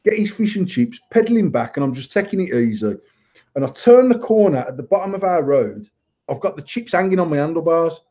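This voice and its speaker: Guy spinning a sweary story, laughing along, kinda husky, dull muffled audio. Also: fairly high pitch, brisk. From United Kingdom. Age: adult. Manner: sweary, animated, laughs through his own story. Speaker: podcast co-host. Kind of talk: casual storytelling banter. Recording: dull lo-fi sound.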